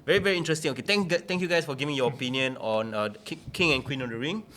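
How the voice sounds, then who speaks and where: A man's voice: a little high, racing, fairly bright tone, a little hiss or hum. Upbeat man hosting a wrestling podcast. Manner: upbeat, hyping, frequent "very interesting" and "okay". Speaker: podcast host. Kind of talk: casual podcast chat.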